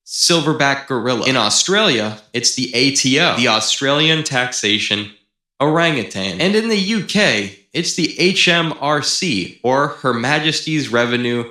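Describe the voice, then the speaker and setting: A man narrating a comedic cartoon explainer in a playful way, with clipped, broken phrasing and sudden shouted gags. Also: mid-range voice, animated, measured pace. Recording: roomy echo.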